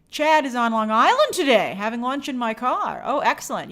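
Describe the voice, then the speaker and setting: Woman, livestream host, lively intonation, reads chat comments aloud, casual and bubbly. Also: sits high, moderate pace. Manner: reads viewer comments aloud and answers them chattily; animated, bubbly sign-offs.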